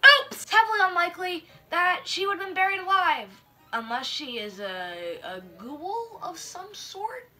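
A young woman with a high, very bright voice reviews spooky stories with sarcastic, slangy deadpan humor. Soft music plays faintly underneath. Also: moderate pace. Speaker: host. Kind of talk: comedic story review.

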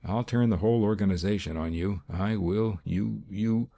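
A man's voice: lowish voice, normal speed, vocal fry, dark tone. A man voicing a tart, threatening woman overheard on a phone line in an audiobook. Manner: tart, menacing.

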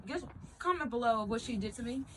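Woman from arizona preaching outside, fervent, higher voice, traffic noise all around. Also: animated, brisk. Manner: fervent, preachy, says things loudly. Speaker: musician and street evangelist. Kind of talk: casual vlog preaching. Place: outdoors by a store. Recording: outdoor street noise with traffic.

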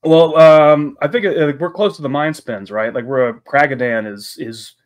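A man's voice: on the high side, moderate pace. Eager rambling man at a game table. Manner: eager, rambling explanations with restarts. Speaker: player. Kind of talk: casual chat at a game table.

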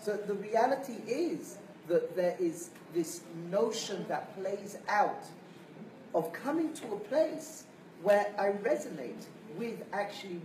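A rabbi lectures with animated storytelling. He sounds distant in a roomy space, with a faint hiss beneath his voice. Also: sits high. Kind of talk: sermon-style lecture.

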